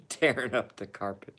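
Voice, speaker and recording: Slow, forceful ranting man. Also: mid-range voice, slightly rough. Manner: profane, rambling, emphatic. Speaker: streamer. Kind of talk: ranting casual monologue.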